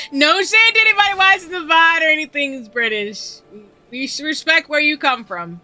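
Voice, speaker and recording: A woman's voice: sits high, sing-song, unhurried, sharp tone. A woman streaming a game, chatting casually and answering her chat in slangy, chatty talk. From United States.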